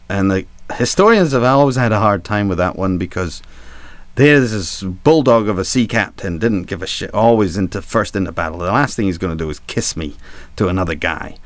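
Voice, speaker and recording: A low-pitched man spins a long, meandering yarn for his guests, peppered with ums and cheeky asides. The recording is dry and close, with no room echo. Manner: rambling, irreverent, chuckling, many fillers. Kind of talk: anecdotal storytelling.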